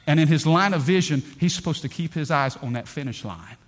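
Animated pastor, a man with a higher voice. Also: brisk. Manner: animated storytelling, swinging between loud bursts and hushed lines; calls out to the congregation. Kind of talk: sermon. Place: church.

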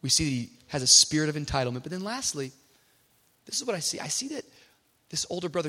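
Animated guy preaching, high bright voice, echoey big church. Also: fast talker, long pauses. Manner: animated storytelling, rising to shouted exhortation. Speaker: pastor. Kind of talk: sermon. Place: church sanctuary. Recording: reverberant church hall.

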